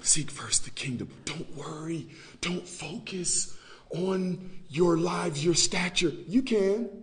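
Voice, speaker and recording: Male guest preacher, high voice, earnest exhortation with jokes. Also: slow, fairly bright tone. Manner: earnest, exhorting, with humorous asides. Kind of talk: sermon.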